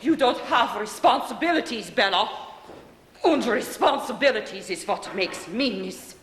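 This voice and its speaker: A woman's voice: a little high, expressive, moderate pace, a bit bright. Stern, guarded old grandmother, played by a woman on a live stage; curt commands, heard from a distance in a reverberant theater. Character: stern, bitter elderly grandmother, shopkeeper. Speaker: stage actor. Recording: reverberant theater from far off, faint hiss.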